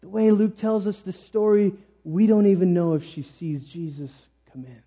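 Mellow-voiced earnest male preacher. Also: high voice, moderate pace. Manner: earnest, with frequent restarts and sudden emphatic swings in volume. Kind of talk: conversational sermon.

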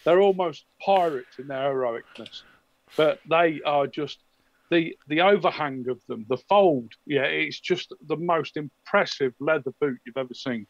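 A man narrating as game master with a slow, gravelly voice. He talks descriptively and pauses on frequent ums. The sound is dry and dull, like a lo-fi recording. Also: a little high, dry recording.

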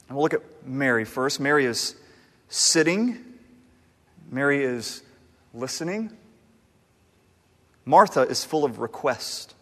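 A married man preaching a sermon as a pastor, talking in a conversational, animated way with frequent restarts. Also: on the high side. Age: adult, married. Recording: long hall reverb.

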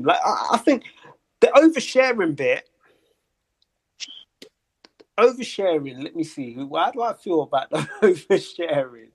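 A man's voice: on the high side, big pitch swings, moderate pace, slightly rough. A man in casual podcast chat, emphatic and asking probing questions.

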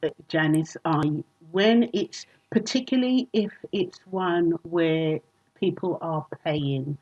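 A woman comedian chatting casually in a remote interview, telling animated, self-mocking stories. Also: fairly low pitch, takes it slowly, lo-fi sound. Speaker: comedian guest. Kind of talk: casual chat.

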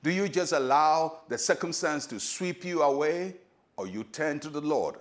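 A man with a Ghanaian English accent preaching a short devotional sermon as a pastor, earnest and measured, asking rhetorical questions. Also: fairly high pitch, animated.

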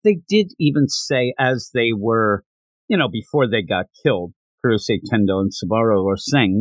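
A man from Pennsylvania, co-hosting a casual podcast about manga. He acts out characters' lines in quick put-on voices. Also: lowish voice, expressive, no echo. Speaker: podcast co-host.

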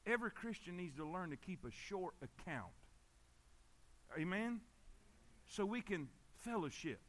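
A man preaching a sermon. His voice is high and bright. He repeats himself for emphasis and keeps asking the congregation for an amen. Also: sing-song, a little slow. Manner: emphatic, repetitive, calls for amens. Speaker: pastor.

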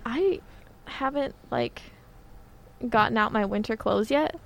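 Female co-host, higher voice, playful teasing chatter. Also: animated. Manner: playful, teasing, quick to laugh. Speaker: podcast co-host. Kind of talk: casual chat.

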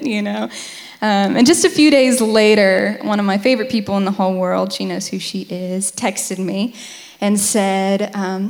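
A woman's voice: medium pitch, fairly even intonation, moderate pace, in a large hall. A young woman sharing her side of a faith testimony, candid and humorous, telling it like a story. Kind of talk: personal testimony talk.

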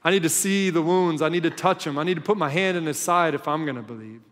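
A man's voice: a little high, fast, fairly bright tone, long reverb tail, lightly acted. A man acting out the disciple Thomas in a sermon, with a raised, wry and doubting tone. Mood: skeptical.

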